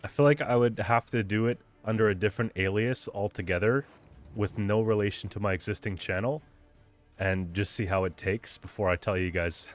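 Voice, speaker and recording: A man live-streaming a card game at home on a desk mic, hyped and rambling as he chats with viewers. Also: lowish voice. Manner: hyped, rambling, chatting with viewers while playing. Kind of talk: casual live-stream chat.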